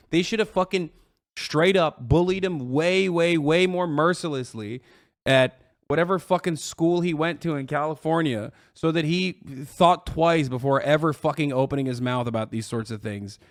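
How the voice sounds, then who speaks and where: A man's voice: medium pitch, dry recording, studio quality. A man reacting to a clip, mocking it with sarcasm and constant swearing. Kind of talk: profane reaction commentary.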